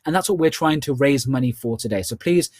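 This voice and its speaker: A man's voice: medium pitch, fairly quick, a little mellow, no room sound, clean studio sound. A man with a British accent hosting a live online charity quiz, upbeat and full of playful ad-libbed asides. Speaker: quiz host.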